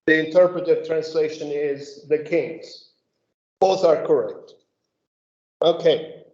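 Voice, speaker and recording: A woman leading a group Bible study, explaining slowly and methodically and often checking in with "okay?". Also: sits low, a little mellow. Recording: echoey room, dull lo-fi sound.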